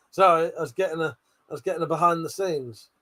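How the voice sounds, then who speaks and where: Man, high voice, live streamer, sweary, teasing, laughs a lot. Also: moderate pace, pushed and bright. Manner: brash, sweary and jokey, laughing often. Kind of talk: casual live-stream chat, reading comments.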